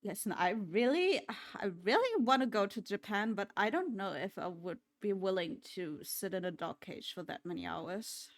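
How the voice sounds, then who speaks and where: A woman streaming and reacting in a casual, blunt way. She swears freely as she chats. Her voice sits at an average pitch for a woman. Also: expressive, normal speed.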